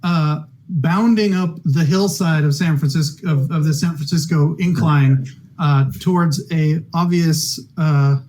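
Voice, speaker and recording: A man's voice: fairly high pitch, unhurried, a little mellow, slight background noise, rough recording. A man narrating a tabletop game as game master, rambling through his scenes with many fillers and restarts and briefly voicing characters.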